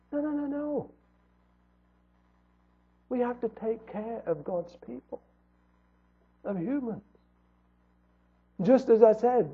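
A man's voice: high-pitched, husky. A man preaching a sermon in an earnest tone, asking rhetorical questions. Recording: tinny phone-like audio.

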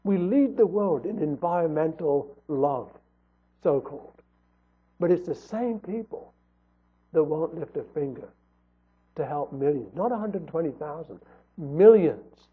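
A man's voice: a little high, expressive, measured pace, long pauses, breathy edge. A man preaching a sermon in an earnest tone, asking rhetorical questions. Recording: tinny phone-like audio.

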